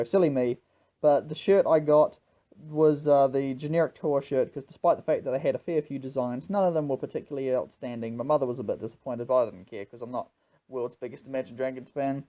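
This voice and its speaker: A young man with a New Zealand accent, chatting casually and rambling in a travel vlog. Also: fairly high pitch. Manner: chatty and rambling, with frequent fillers. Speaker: vlogger.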